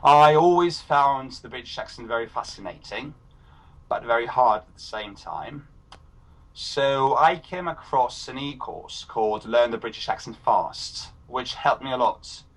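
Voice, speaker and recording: A man from Greece, giving an earnest, steady testimonial. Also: medium pitch, recorded from a distance, rough recording. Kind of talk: spoken testimonial.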